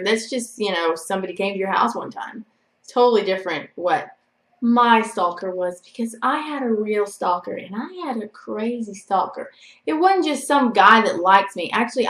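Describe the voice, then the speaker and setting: A woman's voice: medium pitch, a bit bright. Chatty woman telling a story. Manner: chatty and rambling, full of "like" and "you know". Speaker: vlogger. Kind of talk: casual storytelling to camera. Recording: echoey room.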